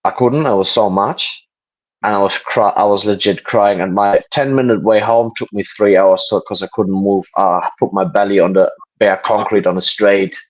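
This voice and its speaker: A man's voice: fairly low pitch, steady tone, normal speed, muffled recording. A German man, a guest in a casual interview, telling rambling stories with many ums and restarts.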